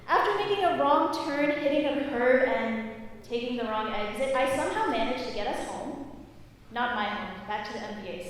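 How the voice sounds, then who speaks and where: A young woman from Maryland performing a stand-up comedy set, telling her story with animated delivery and loud acted-out quotes. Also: a little high, far from the mic. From Maryland, USA. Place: comedy stage in a hall. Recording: echoey hall, mic heard from afar, faint room noise.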